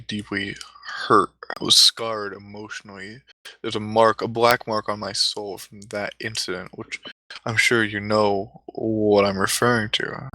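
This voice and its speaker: A man voicing an earnest young man who speaks gravely and in measured words about his past. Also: fairly low pitch, pushed and bright, no echo.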